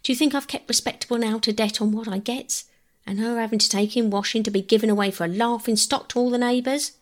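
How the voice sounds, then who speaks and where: A woman's voice: fairly high pitch, steady tone, fast, voice pushed up, natural voice. Woman putting on a proud, touchy porter. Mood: indignant. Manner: indignant, clipped dialect speech. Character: proud touchy working-class railway porter man.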